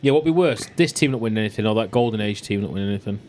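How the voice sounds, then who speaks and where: A man's voice: fairly low pitch, animated, very fast, a little mellow. A man, a podcast co-host, teasing his friends while they watch football. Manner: teasing, laughs a lot. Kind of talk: casual football watchalong chat.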